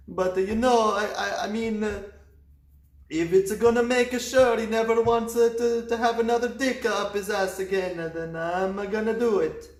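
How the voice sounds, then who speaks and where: A man's voice: high voice, pitched above the performer's own voice. A man voicing a fretful middle-aged male priest with a mock Italian accent, stammering and hesitant. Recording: roomy echoey room.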